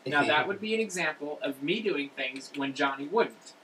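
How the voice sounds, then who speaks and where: A man's voice: fairly high pitch, expressive, normal speed, bright, forceful tone. A man hosting a casual group chat, upbeat and laughing as he prompts the others. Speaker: host. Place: room with several people, screens and a camera. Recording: distant room mic with faint noise.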